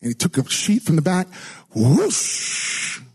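This middle-aged man delivers a sermon slowly, his fairly high voice slightly rough. Lively in manner, he narrates a story, acts out its voices, and keeps repeating and restarting words.

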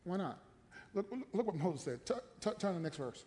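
A man pastor preaching an animated, emphatic sermon in a church sanctuary, mixing jokes and repetition. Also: high-pitched, brisk. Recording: long hall reverb.

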